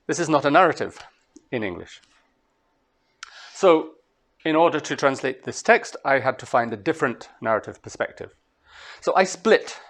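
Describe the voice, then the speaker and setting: A man from Scotland with a Scottish accent, giving a master class to students in an unhurried, explanatory way with thoughtful pauses. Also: mid-range voice. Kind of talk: lecture to students.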